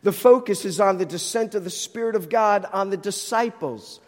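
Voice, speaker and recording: A man with a New Jersey accent delivers a teaching sermon, working through the text and posing rhetorical questions. His voice sits high for a man. The sound carries the long reverb of a large hall. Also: normal speed. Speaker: Bible teacher.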